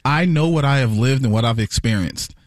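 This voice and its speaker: A man co-hosting a morning radio show, telling stories in an earnest, animated way. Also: medium pitch, fairly quick, no echo, clean studio sound. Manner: animated storyteller, lively and earnest. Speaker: radio co-host. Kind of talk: casual morning radio chat. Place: radio studio.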